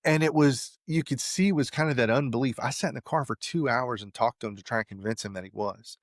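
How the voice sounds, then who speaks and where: Talking fast in a mid-range voice, a man being interviewed shares a story in a relaxed way, recorded dry with clean studio sound. He brings the quoted dialogue to life, acting out each person's lines.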